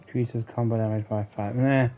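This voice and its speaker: A man's voice: medium pitch, steady tone, fairly quick, phone-quality sound, faint music behind. A man commenting casually and musingly as a gaming streamer. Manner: chatty, musing, many fillers. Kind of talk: let's play commentary.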